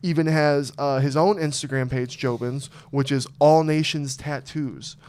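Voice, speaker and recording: A man's voice: fairly high pitch, fairly even intonation, unhurried, a little mellow, clear, resonant tone. A man hosting a podcast, telling rambling stories in loose, profane casual chat. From Arizona. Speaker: podcast host.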